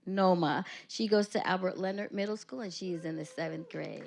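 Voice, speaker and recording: A woman's voice: lowish voice, a little fast, vocal fry, crowd noise. A woman, a teacher, reads her own poem with rhythmic emphasis at a school board meeting, then introduces student poets. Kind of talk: poetry reading and meeting remarks.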